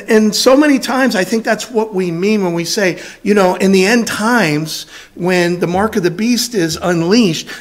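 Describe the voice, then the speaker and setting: A man serving as assistant pastor, preaching an evening sermon in a hoarse, raspy voice, reading scripture and adding folksy, self-deprecating asides with some throat clearing. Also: high-pitched. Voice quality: raspy, scratchy. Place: church sanctuary.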